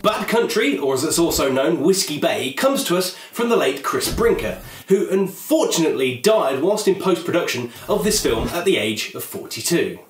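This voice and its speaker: A man's voice: fairly high pitch, sing-song, normal speed, hardly any pauses, distant mic, a little hiss or hum. A man co-hosting a film review show, chatty and jokey. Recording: echoey room, off-mic, music behind.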